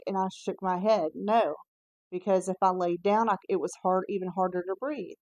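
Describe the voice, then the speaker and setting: A woman vlogger telling a personal story in a candid, casual way, pausing on fillers and correcting herself as she goes. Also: medium pitch, fairly even intonation, darkish tone, dry recording. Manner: chatty, candid, with frequent "um" and self-corrections.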